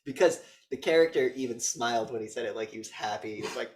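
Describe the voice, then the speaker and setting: Guy on a podcast retelling a movie scene by scene, cursing a lot, middle pitch. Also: quick pace. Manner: animated retelling with acted-out quotes, frequent swearing. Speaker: podcast co-host. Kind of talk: casual movie review chat.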